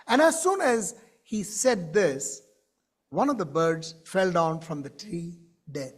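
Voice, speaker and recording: A man telling a story to a conference audience in an animated way, with questions to the crowd. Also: high voice, takes it slowly. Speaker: keynote speaker. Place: conference stage.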